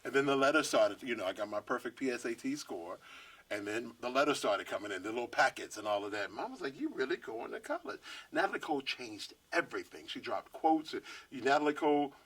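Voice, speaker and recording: A man in his fifties from Washington, D.C., telling stories in an interview with animated energy. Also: mid-range voice, brisk, husky. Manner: lively storyteller, acts out quoted voices. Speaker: guest artist.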